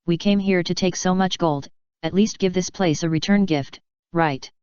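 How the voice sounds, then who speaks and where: A woman reading the lines of a cocky young male pirate in a storybook, in her own even voice. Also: fairly low pitch, moderate pace, clean tone, no echo, dull audio, lightly acted. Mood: smug.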